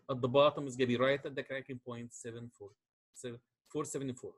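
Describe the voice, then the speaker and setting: Man, husky, middle-aged, lecturing step by step, mid pitch. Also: fairly even intonation, fast. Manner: explains step by step, asks checking questions. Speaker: engineering lecturer. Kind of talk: classroom lecture.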